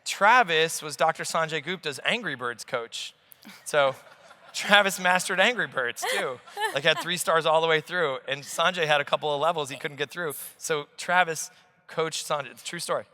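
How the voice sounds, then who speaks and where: A man in his forties, an investor telling stories in an animated, blunt way on a conference stage, swearing freely. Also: a little high, normal speed. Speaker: investor guest. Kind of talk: on-stage conversation. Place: large conference hall stage. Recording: long hall reverb.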